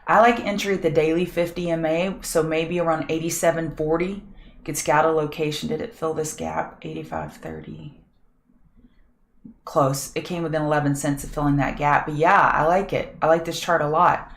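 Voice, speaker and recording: Low-voiced woman hosting a trading stream. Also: little pitch movement, normal speed, vocal fry. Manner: chatty, reads viewer names, thinks aloud over charts. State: scratchy voice. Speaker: trading show host. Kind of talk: live market prep chat with viewers.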